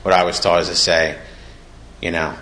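Man, deep voice, relaxed conversational testimony, roomy echo. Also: moderate pace. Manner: casual, conversational, acts out quoted dialogue. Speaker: recovery meeting speaker. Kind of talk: personal testimony. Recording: echoey room with faint noise.

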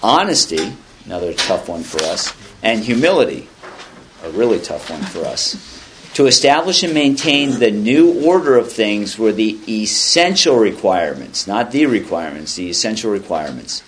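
Low-voiced man rambling at a meeting. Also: big pitch swings, normal speed, slight background noise. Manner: rambling and conversational, with dry self-deprecating humor. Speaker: speaker sharing at a recovery meeting. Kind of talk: casual spoken share, reading passages aloud and commenting. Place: indoor meeting room.

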